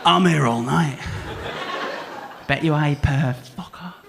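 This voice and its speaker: A young man with a Salford accent doing a rambling stand-up set, laddish and quick to mimic people. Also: fairly high pitch, vocal fry, heavy background noise. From Salford, England. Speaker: new act comedian. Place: comedy club stage.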